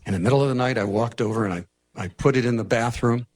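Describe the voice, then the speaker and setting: An older man from the United States telling a personal story to a live audience, lively and anecdotal with frequent restarts. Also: mid-range voice, quick pace. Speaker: speaker telling his life story.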